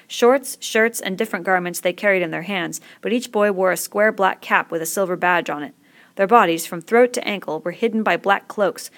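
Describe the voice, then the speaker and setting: Gravelly woman reading a novel aloud. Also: medium pitch, a bit bright. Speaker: reader. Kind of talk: audiobook narration.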